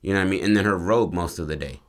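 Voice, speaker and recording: A man's voice: low voice, rapid-fire. A man chatting casually, filling in details of a film story in laid-back, profane talk. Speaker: co-writer pitching a film story. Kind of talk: casual chat building on a story.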